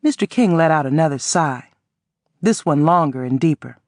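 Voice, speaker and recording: A man narrating an audiobook in first person, telling the story in a measured, even way. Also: a little high, no room sound, clean studio sound.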